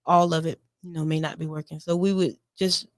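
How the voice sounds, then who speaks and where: Calm, earnest woman coaching parents. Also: deep voice, brisk, no room sound, studio quality. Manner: earnest, repeats herself, acts out lines to her kids. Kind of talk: casual podcast conversation.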